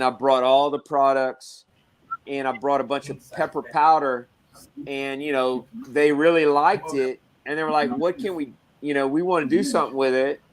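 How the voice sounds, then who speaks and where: A man being interviewed as a guest on a casual podcast, rambling through stories with many restarts and fillers and acting out other people's lines as he goes. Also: on the high side. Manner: rambling, full of "you know" and restarts. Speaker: pepper breeder, guest.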